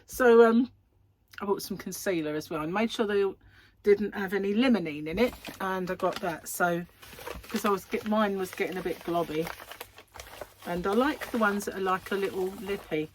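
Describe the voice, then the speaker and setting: A woman's voice: mid-range voice, slight background noise. A woman talking in a rambling, chatty way, laughing often and acting out the things she and others said. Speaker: host of a crochet chat channel. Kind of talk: casual chat.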